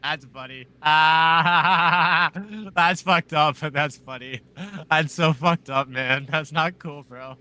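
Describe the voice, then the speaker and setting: A man's voice: a little high, steady tone, slow, bright, forceful tone, clean tone. A man on a live talk show, playing a game in a boisterous, joking way, calling people bro. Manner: boisterous, jokey, says bro a lot. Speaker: show co-host and contestant. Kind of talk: casual live show chat.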